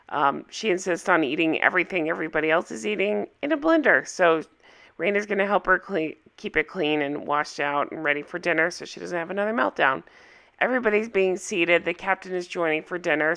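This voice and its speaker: Hoarse woman with a gravelly low voice. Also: fairly bright tone. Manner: chatty, opinionated, asks viewers for comments. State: hoarse from a cold. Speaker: reality TV recapper. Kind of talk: casual video recap.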